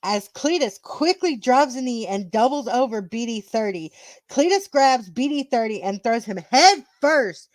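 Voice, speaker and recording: An eager woman co-commentator reads wrestling play-by-play and banters between calls. Her voice sits fairly high and sounds bubbly. The recording is dry. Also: unhurried, no room sound. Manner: excitable, giggly, apologetic. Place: home, with children in the room.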